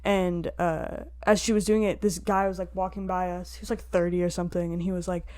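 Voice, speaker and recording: A woman's voice: on the low side, level tone, fairly quick, darkish tone. A young woman co-hosting a podcast, telling a story in casual chat with lots of fillers and acted-out quotes. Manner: chatty storytelling with many fillers, acts out quotes. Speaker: podcast co-host.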